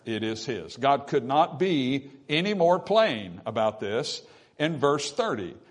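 A man's voice: mid-range voice, big pitch swings, takes it slowly. A man preaching a sermon, teaching with rhetorical questions and repeating key phrases for emphasis. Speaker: pastor.

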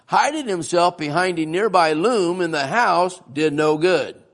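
A man's voice: sits high, animated, measured pace. A man preaching a sermon-style history lesson in a church, folksy and often asking the congregation questions.

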